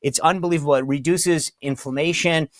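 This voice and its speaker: A man's voice: on the high side, steady tone, fairly quick, no echo, studio quality. A man hosting a talk show, chatting loosely through sponsor reads and stumbling over words. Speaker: podcast host. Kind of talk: casual host talk with ad reads.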